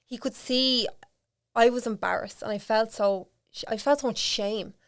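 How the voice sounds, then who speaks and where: A woman's voice: a little high, moderate pace. Irish woman telling her story. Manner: animated, acts out quoted voices, laughs often. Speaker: podcast guest. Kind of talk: candid storytelling in casual chat.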